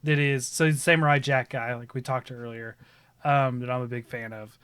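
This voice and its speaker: A man in his thirties with a bright, forceful voice, talking casually on a live stream. He tells stories animatedly and breaks into laughter often. The sound is close and dry. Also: medium pitch, steady tone, brisk, clear, resonant tone, dry recording. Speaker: stream host. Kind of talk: casual chat.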